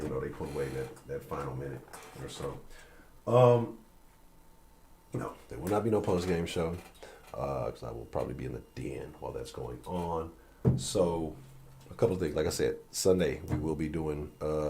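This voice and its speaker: Deep husky dude ranting about basketball on his live stream from his office, cussing a lot, voice jumping all over. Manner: profane, loose and animated. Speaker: sports channel host. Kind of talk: casual live-stream chat. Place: home office.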